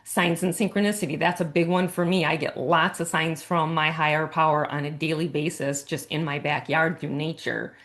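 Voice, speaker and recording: A woman with a notably low voice talks in a relaxed podcast interview. She is a coach and author, explaining her thinking earnestly and loosely, one loose phrase leading into the next. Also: moderate pace, few pauses.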